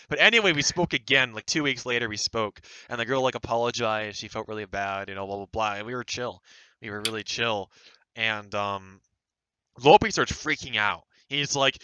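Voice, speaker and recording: Young man with a smooth, bright voice. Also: on the low side, moderate pace, no room sound, poor audio. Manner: laughing, animated storytelling with mocking quoted voices. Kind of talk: casual storytelling chat.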